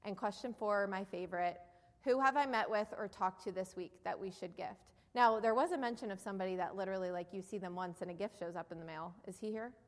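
A woman's voice: mid-range voice, quick pace. A woman with a New Jersey accent giving an earnest, persuasive business presentation to a live audience, often putting questions to the room. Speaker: keynote speaker. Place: event hall before a live audience. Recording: long hall reverb.

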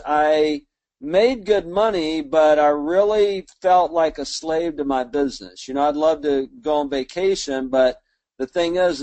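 A man's voice: fairly high pitch, darkish tone, no echo. Man, 50s, Alabama accent, motivational speaker, folksy self-deprecating humor, dry close sound. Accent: Southern US (Alabama). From Mobile, Alabama. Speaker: small business owner and speaker. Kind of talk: motivational storytelling speech.

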